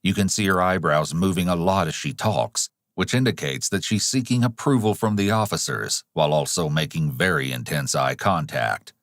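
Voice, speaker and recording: Brief: male narrator, very low pitch, dry close-mic read, measured analytical delivery. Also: fairly bright tone, no room sound. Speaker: documentary narrator. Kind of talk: scripted narration.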